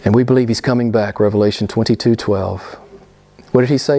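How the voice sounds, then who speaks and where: A man's voice: on the low side, fairly even intonation, brisk, dark tone. A man preaching a sermon to a small group, emphatic, repeating his key phrases and asking rhetorical questions. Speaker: pastor.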